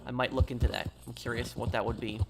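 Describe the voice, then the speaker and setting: A man's voice: mid-range voice, level tone, fast, noisy background. A man streaming a game, chatting casually, reading chat aloud and rambling with many fillers.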